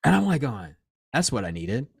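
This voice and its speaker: A man, a shop owner telling stories in a casual interview, rambling and animated, swearing often. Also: mid-range voice, normal speed, gravelly, slightly rough, no echo, studio quality. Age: 40s. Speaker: crystal and reiki shop owner, guest.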